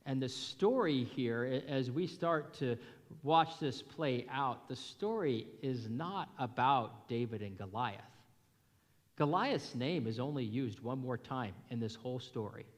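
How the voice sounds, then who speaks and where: A man preaching a sermon as pastor, telling a Bible story in an animated, emphatic way. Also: medium pitch, measured pace. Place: church hall. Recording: long reverb of a hall.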